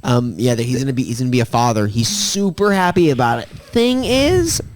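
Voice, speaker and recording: A man co-hosting a movie review podcast, chatting in a playful, animated way. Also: medium pitch, brisk, dry recording. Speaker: podcast co-host. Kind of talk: casual movie review chat.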